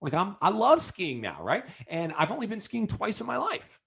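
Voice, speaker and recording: A man telling a personal story in a casual, animated way and turning it into a lesson for entrepreneurs. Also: sits high, normal speed, gravelly, breathy edge. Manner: animated, lots of fillers and restarts. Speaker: business coach speaking to entrepreneurs.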